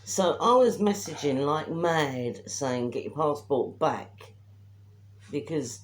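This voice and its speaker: Low-voiced woman telling a story. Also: slow. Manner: animated storyteller, hushed asides. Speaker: podcast co-host. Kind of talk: casual chat. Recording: faint background noise.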